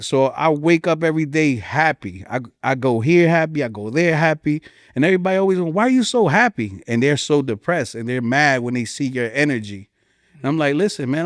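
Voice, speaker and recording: Heard in studio quality without echo, a hip-hop artist in his forties from New Jersey guests on a podcast, his New Jersey accent clear. He rambles in a heartfelt, emotional way, and his voice goes high as he remembers things.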